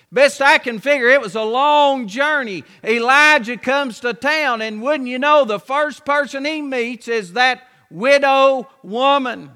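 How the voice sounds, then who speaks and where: High-voiced, slow-preaching man. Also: sharp tone, clean tone. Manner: folksy, storytelling, asks rhetorical questions. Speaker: pastor. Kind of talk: sermon. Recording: long hall reverb.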